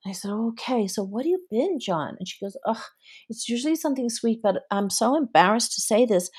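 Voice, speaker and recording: A woman's voice: fairly high pitch, animated, fairly quick, darkish tone, slightly rough. A woman therapist as a podcast guest, telling client stories in conversation and acting out their dialogue. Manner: storytelling, acting out client dialogue, frequent laughs.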